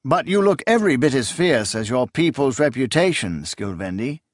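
A man's voice: medium pitch, very animated, moderate pace, no echo, studio quality. A man voicing a proud prince who speaks with courtly, commanding ease. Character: proud young prince, commanding and smooth-talking.

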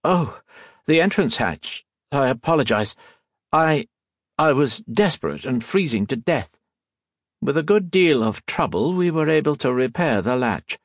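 A man's voice: mid-range voice, big pitch swings, unhurried, no room sound, studio quality, pitched above the performer's own voice. A man voicing a wary young man who poses as a photographer, flustered and questioning.

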